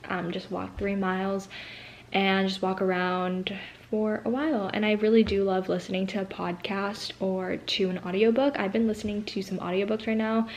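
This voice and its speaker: A woman's voice: mid-range voice, flat delivery, moderate pace, rough recording. A young woman and student talking casually to her viewers in a day-in-my-life vlog, chatty and full of "like" fillers. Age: young adult. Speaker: vlogger.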